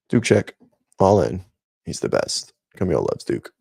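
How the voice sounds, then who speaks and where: Man in his thirties, fitness host, low gravelly voice, laid-back rambling livestream chat. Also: big pitch swings, moderate pace, dark tone, no room sound. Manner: rambling, laid-back, talks to viewers by name. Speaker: fitness coach and channel host.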